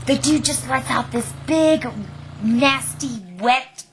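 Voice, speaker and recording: A young woman vlogger recounts a funny personal story, acting it out dramatically and animatedly with lots of "like" and frequent "okay?" check-ins. Her voice is high-pitched and her pace slow, with a noisy background behind her.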